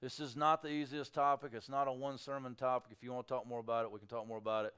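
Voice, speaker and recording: A man's voice: medium pitch, flat delivery, racing, a bit bright, smooth. A male pastor preaching a sermon, reading scripture and acting out objectors' questions in a raised voice.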